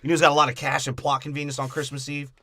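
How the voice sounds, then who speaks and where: Profane, bright-voiced young man riffing. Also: on the high side, little pitch movement, no echo. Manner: profane, riffing, slips into quick character voices. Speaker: podcast co-host. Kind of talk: crude comedic movie breakdown.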